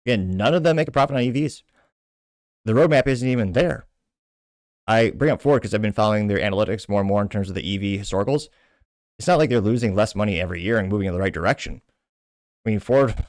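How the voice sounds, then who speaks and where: A man hosting a commentary show rants with indignant emphasis about politics and business. His voice sits a little low and sounds close and dry, with no room echo. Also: fast, darkish tone. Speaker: show host.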